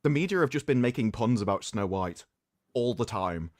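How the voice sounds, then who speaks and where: A man's voice: medium pitch, lively intonation, moderate pace, dry recording, clean studio sound. A man co-hosting a casual livestream chat, rambling and stammering over repeated words as he tells stories.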